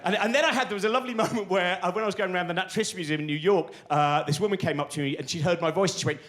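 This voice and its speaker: A man's voice: high-pitched, very fast, a little hiss or hum. A middle-aged man from England doing a rambling, self-deprecating stand-up routine on a live stage. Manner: rambling, self-deprecating, animated, restarts often. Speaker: stand-up comedian.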